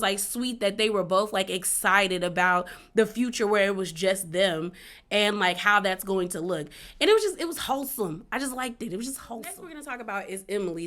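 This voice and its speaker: A woman casually recapping a reality show episode, chatty with lots of filler words and quick laughs. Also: medium pitch, fairly bright tone.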